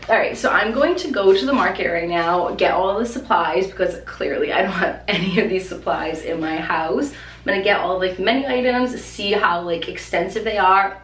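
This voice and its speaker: A woman's voice: on the low side, a bit bright. Young woman vlogger, bubbly gushing chat, mic set back in a roomy space. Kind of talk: casual chat. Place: at home. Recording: echoey room, mic far off.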